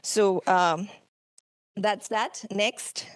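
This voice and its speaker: Slow-speaking Indian woman giving a lecture. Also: medium pitch, fairly even intonation, dry recording. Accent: Indian English. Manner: unhurried, many ums and uhs, asks audience questions. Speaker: workshop speaker. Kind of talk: presenting lecture with slides. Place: conference hall.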